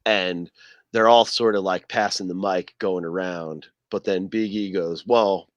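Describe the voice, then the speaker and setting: Low-voiced man telling rambling wrestling stories. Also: steady tone, unhurried, dry recording, highs cut off. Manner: rambling, enthusiastic storytelling with fillers. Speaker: podcast host. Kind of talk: casual wrestling chat.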